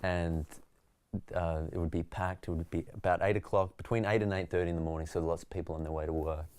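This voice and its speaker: Deep-voiced Australian man telling stories. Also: quick pace, clean tone, no room sound. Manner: relaxed, storytelling, reflective. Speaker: stand-up comedian, guest. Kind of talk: interview conversation.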